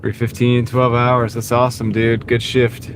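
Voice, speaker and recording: A young man who drives deliveries chatting casually with his livestream viewers while driving, relaxed and chuckling often. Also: mid-range voice, normal speed. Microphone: small wireless clip-on mic. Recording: road noise inside a moving car.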